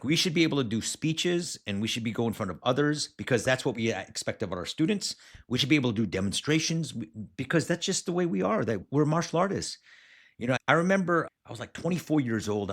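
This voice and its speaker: Co-host type: a low-voiced man in his thirties, lively storyteller, casual podcast delivery. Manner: animated storyteller, acts out quoted voices. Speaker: podcast co-host, martial arts school owner.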